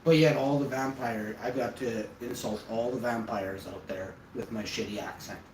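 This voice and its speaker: A man talks loosely and bluntly, drifting from one thought to the next with offhand swearing. He sits well back from the mic in an echoey room, with steady noise behind him. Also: mid-range voice, moderate pace. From Manitoba, Canada. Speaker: vlogger. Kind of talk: casual rambling monologue to camera. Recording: roomy, distant mic, noisy background.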